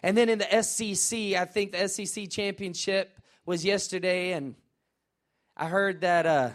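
High-voiced energetic pastor. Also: male voice, normal speed. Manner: energetic, call-and-response with congregation. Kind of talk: sermon. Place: church sanctuary.

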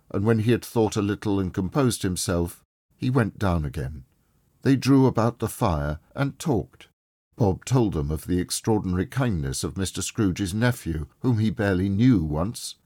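Low, husky male storyteller. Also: no echo, clean studio sound. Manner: measured, expressive storytelling. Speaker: narrator. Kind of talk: scripted audiobook narration.

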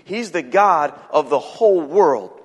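A man, a pastor, giving a chatty sermon with joking asides and halting restarts. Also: on the high side, lively intonation, breathy edge. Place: church sanctuary. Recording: long hall reverb.

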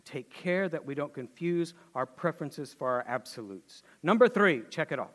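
Pastor guy telling stories in a sermon, high voice, folksy and emphatic. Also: animated, normal speed, hardly any pauses, a bit bright. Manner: folksy storytelling preacher, emphatic.

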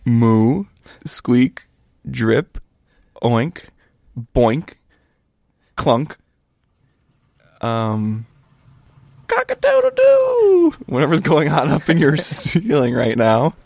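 Gravelly, playful man on a podcast. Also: mid-range voice, very slow, long pauses, darkish tone, no room sound, clean studio sound. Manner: playful, teasing. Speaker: podcast co-host. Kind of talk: casual chat.

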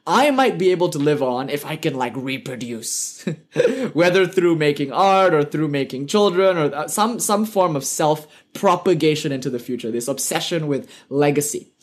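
British guy teaching spirituality online, bit higher voice, earnest, asks lots of rhetorical questions. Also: lively intonation, normal speed. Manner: earnest, rhetorical questions, light joking asides. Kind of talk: live online lecture.

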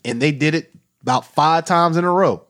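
A man co-hosting a podcast in casual sports banter, loud and teasing, laughing often. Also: fairly high pitch, moderate pace. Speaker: podcast co-host.

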